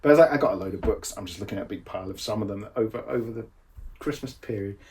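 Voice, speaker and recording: A man's voice: fairly low pitch, very fast, a little hiss or hum. Man from England, casual podcast chat, laughs a lot, trails off, a bit far from the mic. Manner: animated, laughs often, trails off and restarts. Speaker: games designer and podcast co-host. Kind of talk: casual conversation. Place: home room, seen on camera.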